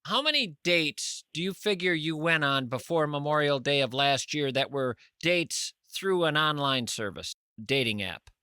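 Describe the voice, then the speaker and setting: Wry podcast host guy, teasing, bright voice, dry close sound. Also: fairly high pitch, expressive, a little slow, few pauses, clear, resonant tone, no room sound. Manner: wry, teasing, mock-outraged asides. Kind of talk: casual interview chat.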